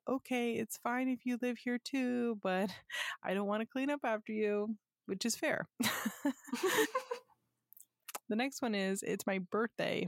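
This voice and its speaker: A woman's voice: medium pitch, creaky, dry recording, studio quality. A woman co-hosting a podcast, reading listener ghost stories aloud and cracking jokes, laughing often and swearing casually. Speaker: podcast co-host.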